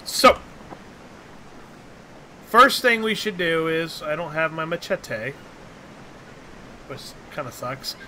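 A man's voice: on the high side, takes it slowly, long pauses, slight background noise. A man giving casual, jokey commentary while playing a co-op survival game, yelping at scares. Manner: excitable, jokey, yelps at scares. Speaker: gaming channel host.

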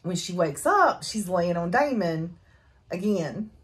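She recaps the novel slowly in a fairly low voice, chatting casually for her book review and staying animated, with plenty of fillers and laughs.

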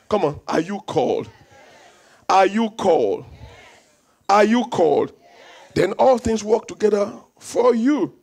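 A man preaching a fervent sermon in a church service, repeating phrases for the congregation and bursting into shouts. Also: high-pitched, gravelly, husky. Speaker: pastor.

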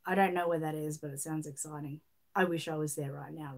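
A talkative Australian woman in middle age, hosting a relaxed livestream. She reads out viewer comments and wanders through her replies, restarting sentences and filling pauses as she goes. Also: low-pitched. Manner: chatty, rambling with many fillers and restarts. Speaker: livestream host. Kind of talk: casual livestream chat reading viewer comments.

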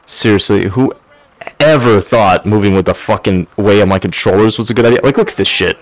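A man's voice: lowish voice, fairly quick. A man giving gameplay commentary while playing in VR, ranting with constant swearing and exasperation. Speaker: gamer playing in VR.

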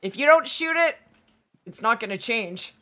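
This woman hosts a hunting-game livestream, casually chatting and reading viewers' messages aloud as she plays, her voice hoarse from days of streaming. It's a little high, animated, pushed and bright, and she's cheerful, talkative and quick to laugh.

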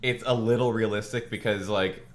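A man's voice: lowish voice, steady tone, normal speed. A man co-hosting a podcast, riffing in casual comedic banter, rambling, sweary and interrupting. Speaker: podcast co-host.

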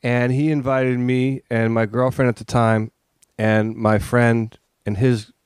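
A podcast interview guest tells a long personal story in a medium-pitched, clean-toned voice at a slow pace. He's animated and acts out the lines he quotes. The recording is dry and studio quality.

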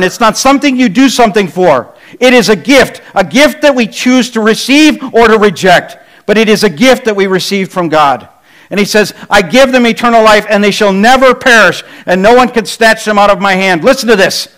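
Male pastor, middle-aged, high voice, conversational sermon full of rhetorical questions. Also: expressive, a little fast, fairly bright tone, low-quality recording.

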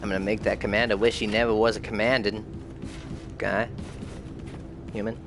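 A man's voice: fairly low pitch, flat delivery, normal speed, background noise. A tipsy man streaming a game, rambling goofily and making silly noises. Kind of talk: live let's play commentary.

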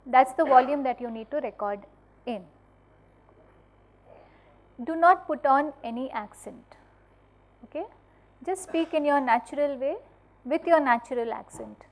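A woman with a high-pitched voice gives practical tips in an informal spoken lesson. She speaks in a friendly, instructive way, pausing on small fillers and often asking "okay?" to check in with her listeners. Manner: uses fillers and restarts.

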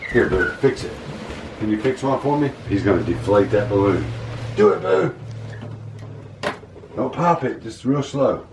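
In a casual vlog, a man with pet monkeys chats playfully, laughing a lot and talking to the animals, inside a balloon-filled room. His medium-pitched voice is lively in intonation, unhurried and creaky, with long pauses. The recording is echoey and noisy, picked up by a distant mic.

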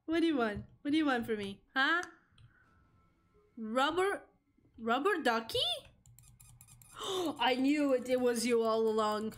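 A young woman streaming a horror game, reacting out loud, swearing and talking to the game as she plays. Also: high-pitched, expressive, a little slow, pauses often. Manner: jumpy, swearing, talks to the game. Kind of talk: live gameplay reaction.

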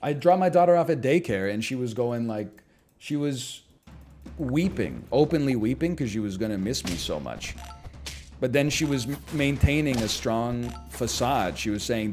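A man's voice: mid-range voice, very animated, normal speed, a little mellow, soft background music. A man in his thirties from Canada, chatting casually on a stream in a rambling, sardonic way and swearing freely.

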